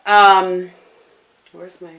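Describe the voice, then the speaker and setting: A middle-aged woman at home chats casually to her camera, which sits on a tissue box, rambling through stories and laughing frequently. She has a medium-pitched, fairly bright voice with little pitch movement and drawn-out words.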